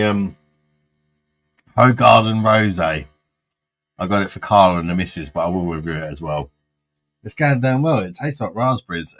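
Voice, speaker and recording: A man's voice: sits low, fairly bright tone. A man hosting a casual beer review, blunt and sweary, and he laughs often. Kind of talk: casual chat.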